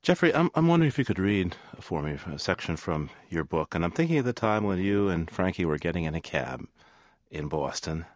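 A man's voice: low-pitched, big pitch swings, brisk, dry recording, studio quality. A man hosting an interview, asking searching questions and often restarting them. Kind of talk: radio interview.

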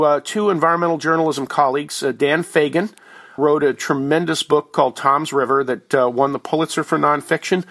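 A man's voice: fairly high pitch, fairly bright tone. A man who is a regular guest commentator on a radio show, explaining news items over a phone line in a folksy, joking way. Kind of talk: conversational explainer.

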